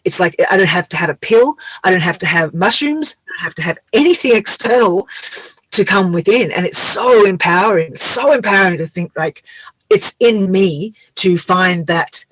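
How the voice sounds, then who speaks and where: A woman's voice: fairly low pitch, lively intonation, moderate pace, fairly bright tone, a little hiss or hum, low-quality recording. A woman hosting a conversation, speaking effusively and emotionally, often repeating herself. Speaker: host. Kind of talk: casual conversation.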